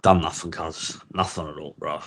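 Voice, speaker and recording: Deep aussie guy on a boxing panel, chill, agrees a lot, swears casual. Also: flat delivery, normal speed, crowd noise. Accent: Australian. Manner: laid-back, agreeable, profane slang. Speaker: guest panelist. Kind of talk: casual livestream banter. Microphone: video call.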